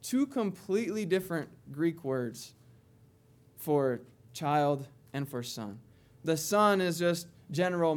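Conversational male preacher, fairly high voice. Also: expressive, a little slow. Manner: conversational, swings between soft asides and emphatic. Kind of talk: sermon.

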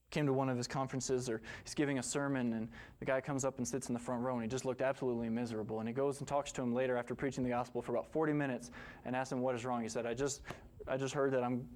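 A man's voice: mid-range voice, fairly even intonation, fast, darkish tone. A man preaching a sermon, telling a story earnestly and rising to impassioned emphasis before leading a prayer. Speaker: pastor.

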